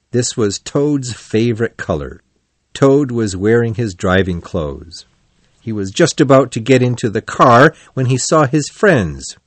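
A man narrates a children's story in clear, deliberate sentences for learners. His delivery is slow, with pitch that moves lively up and down. The recording is close and dry. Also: dry recording.

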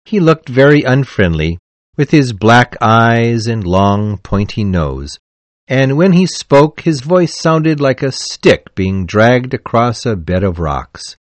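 A male audiobook narrator reads a novel from a script with measured, expressive storytelling. His voice sits in the mid range, and the recording has no room sound.

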